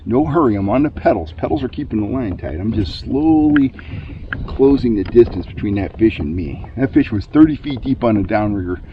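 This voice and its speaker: A middle-aged man hosting a fishing vlog from a boat on a lake, talking through his gear and getting loudly excited when fish bite. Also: fairly low pitch, brisk, lo-fi sound, slight background noise. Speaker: fishing channel host. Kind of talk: outdoor fishing vlog narration.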